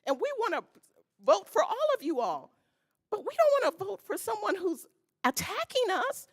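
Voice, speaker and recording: A woman's voice: very high-pitched, very animated, moderate pace. Pleading woman at a council podium. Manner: pleading, earnest, tearful at times. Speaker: resident speaking at public comment. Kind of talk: emotional public comment at a council meeting. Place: council chamber.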